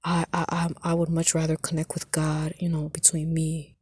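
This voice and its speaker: A woman's voice: low voice, monotone, moderate pace, a little mellow, husky, dry recording, studio quality. A woman vlogger sharing her faith testimony in an earnest, casual way, often saying "you know" and dropping into whispers.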